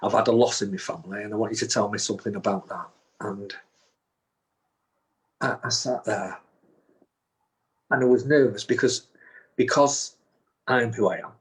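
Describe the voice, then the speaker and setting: A man with a low, husky voice tells a long story as a guest. He stumbles and restarts often, and he acts out each person's words as he goes. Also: normal speed, long pauses. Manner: recounts events with repeated restarts and acted-out quotes. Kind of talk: storytelling in conversation.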